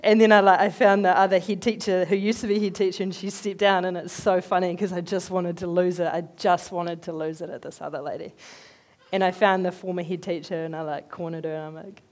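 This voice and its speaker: A woman giving a conversational sermon, telling animated, chatty stories in an everyday voice. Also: lowish voice, fairly quick. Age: adult, working as a head teacher. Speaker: lay speaker giving a talk.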